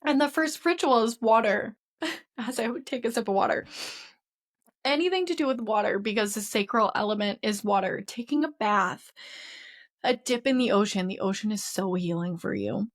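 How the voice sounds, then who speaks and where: A woman's voice: medium pitch, moderate pace. A woman hosting a podcast, giving a casual spiritual wellness lesson mixed with personal stories, in an earnest and open conversational way. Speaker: podcast host.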